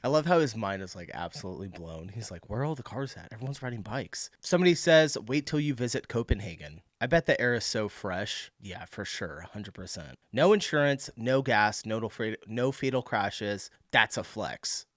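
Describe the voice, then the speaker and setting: A man's voice: on the low side, animated, a bit bright, dry recording. Man chatting through reactions, dry sound. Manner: chatty, amused, quick asides. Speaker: reaction video host. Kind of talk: casual reaction commentary.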